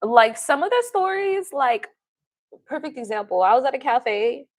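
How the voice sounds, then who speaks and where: A woman with a fairly high voice chats on her livestream and tells stories bluntly, swearing freely and laughing often. Her voice is close and dry, with no room sound around it. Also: very animated, moderate pace, dry recording. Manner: blunt, profane storytelling with frequent laughs. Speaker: tarot reader and livestream host. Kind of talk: casual livestream chat.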